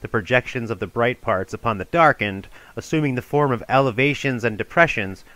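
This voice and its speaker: A man giving a measured, formal audiobook reading of an ancient philosophical dialogue. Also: mid-range voice, pushed and bright, dry recording, rough recording. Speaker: reader of a classical dialogue.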